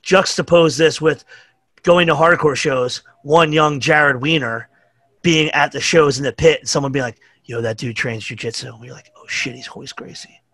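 A middle-aged man with a New York accent, guesting on a podcast, tells rambling, profane stories and acts out the quotes. His voice sits on the high side with a sharp tone, moving at normal speed with no echo. It's casual storytelling chat.

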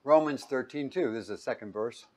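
A man preaching a Bible-teaching sermon, reading verses loudly and pausing for his listeners to call out the missing word. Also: medium pitch. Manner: quizzing listeners with fill-in-the-blank questions; emphatic, loud when reading scripture aloud.

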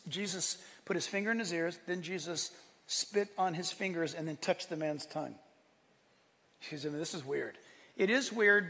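A man preaching a sermon, lively, acting out quotes and asking his listeners questions. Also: high-pitched, vocal fry, in a large hall. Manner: animated preaching, acts out quotes, asks the room. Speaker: pastor.

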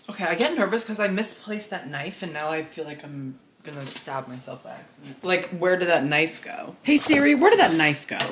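A man's voice: on the high side, pushed and bright, reverberant, slight background noise. A young man vlogging casually, dramatic and self-deprecating, gushing about things. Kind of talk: casual vlog chatter.

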